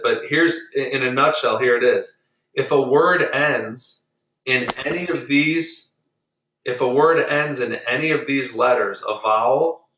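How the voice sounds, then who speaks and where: Male teacher, bright voice, drills pronunciation patiently; roomy, distant recording. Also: mid-range voice. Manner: patient, explains rules step by step, drills pronunciation. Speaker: Spanish teacher. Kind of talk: online class lesson.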